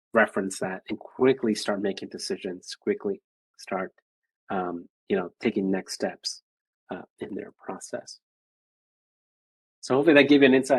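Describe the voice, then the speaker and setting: A man with a lowish, somewhat husky voice gives a quick-moving talk over a video call, full of "um" and "you know" as he pushes through his points. The sound is dry and close, with no room around it. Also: no room sound, poor audio. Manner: energetic, rambling with fillers. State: out of breath. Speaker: guest speaker, head of design. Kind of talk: virtual presentation and Q&A.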